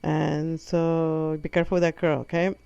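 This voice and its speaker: A woman's voice: deep voice, flat delivery, normal speed, creaky, mellow, smooth, no room sound. A woman with a non-native English accent tells a rambling, self-correcting comic story and acts out her mother's lines. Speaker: comedic storyteller. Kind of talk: comic monologue. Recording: muffled lo-fi audio.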